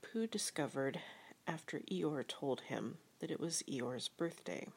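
A woman reading a gentle storybook text aloud in a soft, half-whispered, breathy way. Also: low voice, animated, slow. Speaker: reader.

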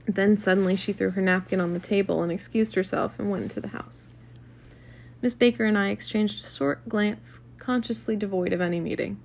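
A woman reads a classic novel aloud in a casual, unpolished way. Her voice has a steady gravelly creak and sits at an ordinary pitch. She sometimes stumbles and restarts a phrase. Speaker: reader.

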